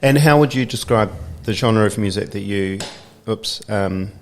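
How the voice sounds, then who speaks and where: A man hosting a casual podcast interview, chatty and quick to laugh. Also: fairly low pitch, a little hiss or hum. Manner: relaxed, chatty, laughs easily. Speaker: podcast host.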